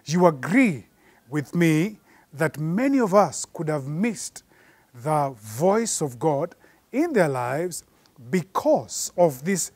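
Higher-voiced male preacher, dry sound. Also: darkish tone, dry recording. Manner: measured preaching, slows and rises for emphasis; repeats points for emphasis. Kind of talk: sermon.

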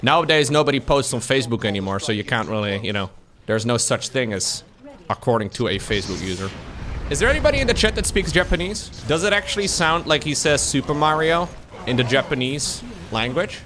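A man's voice: mid-range voice, lively intonation, brisk, crowd noise. A man from the Netherlands, a streamer joking sarcastically with his chat. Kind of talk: casual chat with viewers.

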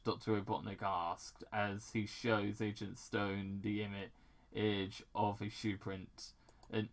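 A man's voice: fairly low pitch, level tone, measured pace. A man casually reading a fan story aloud and adding his own comments, often stumbling and restarting over words. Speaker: reader of fan fiction.

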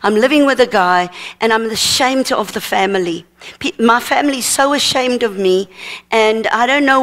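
A woman preaches at a seminar, telling a story earnestly and acting out the dialogue. Her voice sits a little high for a woman. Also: normal speed, a bit bright. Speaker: minister teaching at a seminar. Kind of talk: sermon testimony storytelling.

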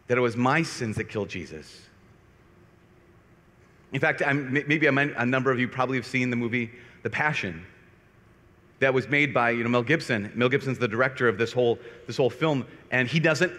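Male priest, youth conference homily, lively self-deprecating storytelling, mid pitch, long hall reverb. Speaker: Catholic priest.

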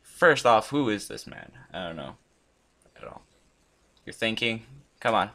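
A man hosting a gaming channel, chatting casually and rambling as he plays, swearing often and breaking into sudden loud outbursts. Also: lowish voice, expressive, unhurried. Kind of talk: casual commentary while playing a chatbot.

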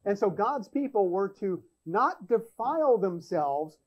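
A man's voice: high-pitched, sing-song, a little slow, lo-fi sound. A man hosting a church show, teaching from the Bible in an emphatic way, often repeating words as he thinks aloud.

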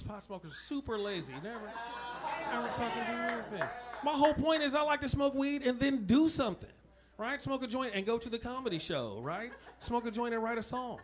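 A man's voice: very high voice, brisk. A man performing stand-up comedy with punchy, profane delivery, laughing at his own lines. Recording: noisy live recording.

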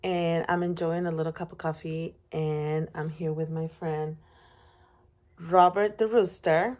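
A woman teacher reads a children's picture book aloud from home. She takes it slowly and expressively, with playful animal and truck sounds. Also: deep voice, steady tone, darkish tone. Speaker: preschool teacher.

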